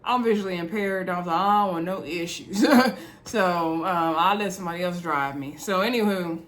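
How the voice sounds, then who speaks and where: A woman's voice: fairly low pitch, moderate pace. Chatty woman recapping reality TV. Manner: chatty, laughs often, talks to viewers as y'all. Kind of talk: casual chat to viewers.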